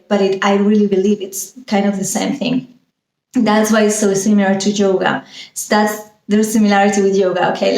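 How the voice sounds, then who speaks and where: A woman's voice: medium pitch, darkish tone, reverberant, rough recording. A woman with a Spanish accent, a native Spanish speaker, teaching English pronunciation in an enthusiastic, rambling way with many fillers. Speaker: pronunciation coach. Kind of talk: teaching monologue.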